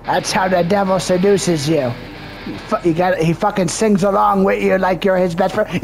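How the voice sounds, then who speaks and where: A man with a high, gravelly voice rants through his gameplay. He swears at almost every turn, complaining loudly about what happens on screen. Faint music plays behind him. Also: steady tone, moderate pace. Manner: ranting, swearing constantly. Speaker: gamer. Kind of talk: profane gameplay commentary.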